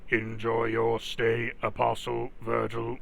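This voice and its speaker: A man voicing a stiff male security robot that speaks in clipped, monotone machine commands. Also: medium pitch, slow, creaky. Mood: robotic. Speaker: game master.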